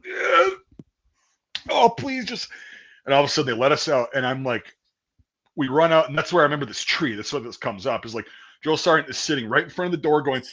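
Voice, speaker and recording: A man telling a basic-training story in casual chat, profane and animated, acting out the quotes loudly. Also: medium pitch, quick pace. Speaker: podcast host telling a story.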